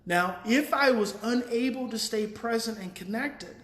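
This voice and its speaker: A man's voice: very high-pitched, measured pace, fairly bright tone, echoey room. A man hosting a daily live parenting talk, explaining earnestly in a casual way and thinking aloud with restarts while reading viewer comments.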